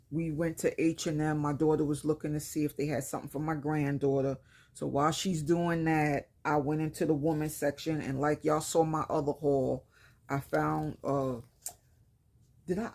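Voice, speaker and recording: A Brooklyn woman in her fifties, a lifestyle vlogger, chats casually with viewers about a shopping haul, plain-spoken and using slang. Her voice is deep and darkish, rough and slightly raspy, with a strong Brooklyn accent.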